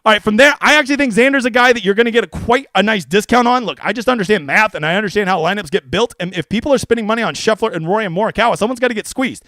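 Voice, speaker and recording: A man streaming fantasy golf picks in casual livestream commentary, brash and profane, excitable and jokey. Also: high voice, very fast, few pauses, no room sound. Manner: excitable, with mock voices.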